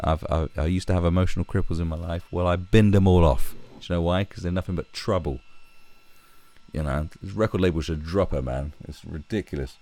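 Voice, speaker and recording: A man ranting profanely as a stream commentator, with animated, exasperated outbursts. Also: sits low.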